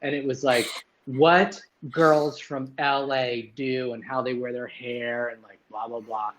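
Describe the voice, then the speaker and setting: A man's voice: mid-range voice, fairly even intonation, measured pace, a bit bright. Rambling man on dull lo-fi audio. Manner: rambling, swears casually. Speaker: livestream host. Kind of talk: casual livestream chat. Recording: dull lo-fi sound.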